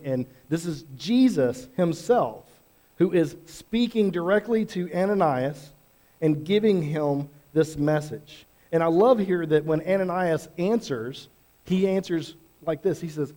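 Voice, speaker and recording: Male pastor, sermon, slightly high voice, conversational, animated delivery. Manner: conversational, animated preaching with acted-out quotes.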